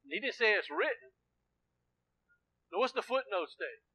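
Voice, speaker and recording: A man preaching a sermon, emphatic and questioning his congregation, swinging between loud exclamations and quiet explanation. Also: high voice, animated, moderate pace, slightly rough, poor audio.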